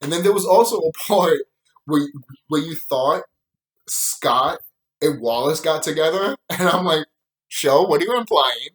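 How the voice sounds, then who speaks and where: A man's voice: on the high side, a little slow, rough recording. A man giving a casual, profane opinion commentary on a show, ranting with bursts of laughter. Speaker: YouTube show reviewer.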